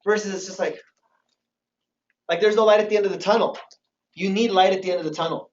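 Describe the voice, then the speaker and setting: A man leads a motivational training session, speaking with lively energy and repeatedly quizzing his audience. He is heard from a distance in a roomy hall, and the recording sounds a little dull. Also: high-pitched, fast. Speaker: sales trainer.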